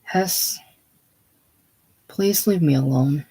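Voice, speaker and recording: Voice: mid-range voice, drawn-out words, dark tone, breathy edge, heavily acted. A reader voicing an earnest, anxious young male mechanic in a casual play reading, with strained, pleading delivery. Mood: uneasy.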